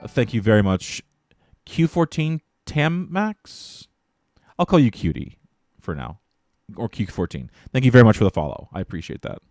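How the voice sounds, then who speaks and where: A man's voice: lowish voice, very animated, moderate pace, a little mellow, soft background music. A male streamer chatting casually on a live stream and ranting animatedly, with plenty of swearing.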